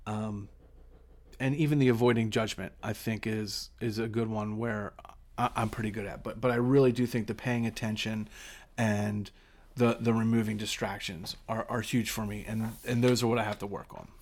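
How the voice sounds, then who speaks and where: A man's voice: fairly low pitch, fairly even intonation, normal speed, darkish tone. A middle-aged man hosting a solo podcast, teaching coaches in an earnest way and often repeating a word as he starts a phrase.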